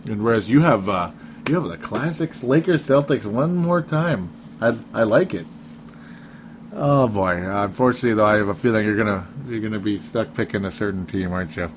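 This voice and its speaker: A man's voice: lowish voice, a little fast, a little hiss or hum. A man co-hosting a casual sports podcast, rambling, laughing often and breaking off his own sentences. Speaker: podcast co-host.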